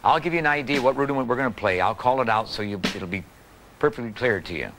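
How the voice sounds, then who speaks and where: A man giving a calm, patient drum lesson for beginners, counting and calling out the strokes. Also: medium pitch, quick pace, background noise. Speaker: drum teacher. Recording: old video tutorial with loud drums. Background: snare drum playing.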